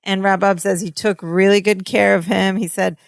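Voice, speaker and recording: A woman's voice: mid-range voice, steady tone, normal speed, creaky, no room sound, studio quality. A woman co-hosting a casual rewatch podcast, retelling the plot step by step and quoting the characters. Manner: recaps plot beat by beat, quotes characters. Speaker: podcast co-host.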